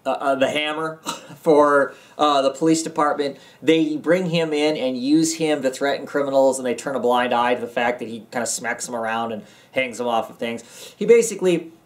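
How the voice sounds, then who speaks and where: A man's voice: mid-range voice, moderate pace. A tired man giving a casual, rambling comic book review from his home basement, with many ums and restarts. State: tired, yawning.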